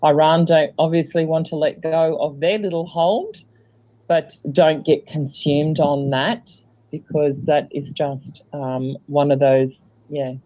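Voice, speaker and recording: A man's voice: on the high side, steady tone, takes it slowly. A man speaking as a guest in casual chat, rambling and hesitant, with lots of fillers. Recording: dull lo-fi sound.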